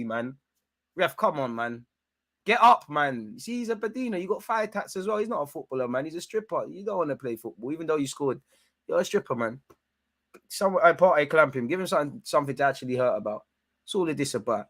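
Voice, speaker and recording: A young man hosting a live football watchalong, talking casually in slang and shouting at the referee. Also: on the high side, lively intonation, a little fast. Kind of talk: live match reaction commentary.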